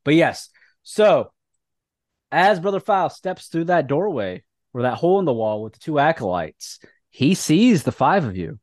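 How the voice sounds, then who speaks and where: Man in the game master's seat, mid pitch, easygoing, dry close mic. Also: measured pace, no echo. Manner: relaxed, casual, loose with fillers. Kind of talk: narrating a tabletop game.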